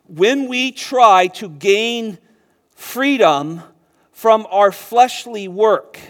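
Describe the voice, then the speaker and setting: A man preaching a sermon, animated and chuckling now and then as he repeats words and teaches through a passage. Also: sits high. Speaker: pastor.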